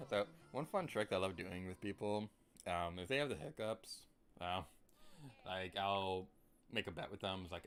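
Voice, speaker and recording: A man's voice: sits low, measured pace, fairly bright tone, faint music behind. A young man chatting casually and playfully while streaming a video game, humming and singing along now and then. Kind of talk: casual gameplay commentary.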